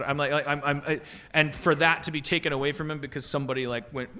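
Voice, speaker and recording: A podcast host, a man, riffs in a loose, rambling way, restarting sentences and swearing casually. His voice is bright and forward and sits a little high for a man. He talks like he is working the idea out on the spot. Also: fairly even intonation, quick pace, hardly any pauses, a little hiss or hum. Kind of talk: casual comedic riffing. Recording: live podcast stage.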